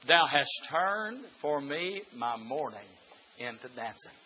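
A man with a scratchy voice preaching a sermon to a room of men, swinging from shouted passages to hushed storytelling. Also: on the high side, big pitch swings, slow, lo-fi sound. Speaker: preacher to a men's gathering.

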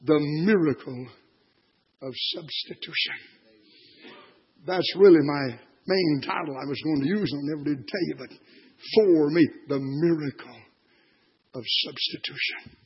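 An older man preaching a sermon. He is impassioned and moves from hushed words to shouting. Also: on the high side, a little slow, pauses often, breathy edge. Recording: dull lo-fi recording.

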